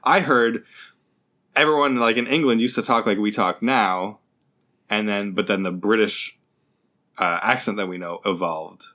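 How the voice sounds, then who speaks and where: A man's voice: lowish voice, measured pace, pauses often, sharp tone. A man co-hosting a podcast, chatting casually and sharing trivia between laughs. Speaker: podcast co-host. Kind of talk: casual chat.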